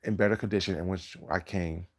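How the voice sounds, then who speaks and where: A man talks to his live-stream chat in a slightly low voice. He sounds groggy, like it is early morning for him. He lectures in a drawn-out, preachy way and stops to greet viewers in the chat. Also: steady tone. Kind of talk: casual live-stream commentary.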